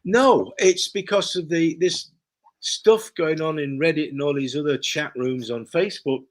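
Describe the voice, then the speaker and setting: Man, guest author, lively storyteller with a fairly high voice. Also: a little slow. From Yorkshire, England. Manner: animated storyteller, acts out dialogue. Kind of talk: casual conversation.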